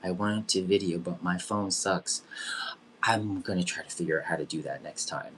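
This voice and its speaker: A young man with a fairly low voice leads a live-streamed psychic circle. He talks in an effusive, emotional way and breaks into giggles easily. There is a faint hum behind him. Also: moderate pace. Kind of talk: live-stream group session.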